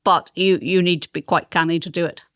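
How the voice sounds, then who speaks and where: A former politician, now an interview guest, talks briskly in a fairly low, fairly bright voice with fairly even intonation. This older woman has a received pronunciation accent with rolled R's and a precise, emphatic manner. Clean studio sound, no echo, conversational interview format.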